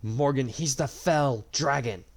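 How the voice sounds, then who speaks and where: Defiant young swordsman, cold and sharp, man reading. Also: mid-range voice, expressive, fairly quick, natural voice. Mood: furious. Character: angry young male swordsman hero.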